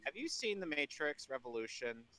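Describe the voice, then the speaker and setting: A man's voice: a little high, very animated, moderate pace, sharp tone, no room sound. Playful man joking on a podcast. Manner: playful, goofy, breaks into song. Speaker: podcast co-host. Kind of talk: casual chat with jokes.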